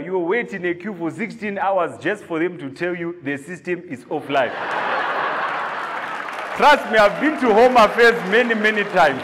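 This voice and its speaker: A South African man doing stand-up, his voice riding high and swinging widely as he spins stories with mock outrage. It rings out in a reverberant hall, with a faint murmur of room ambience underneath. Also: noisy background. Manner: animated, storytelling, mock outrage. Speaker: stand-up comedian. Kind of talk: stand-up comedy. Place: comedy venue, indoors.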